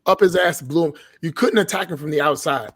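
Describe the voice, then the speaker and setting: A man's voice: a little high, a little fast, dry recording. Profane, emphatic man, dry sound. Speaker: podcast guest. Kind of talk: casual podcast chat.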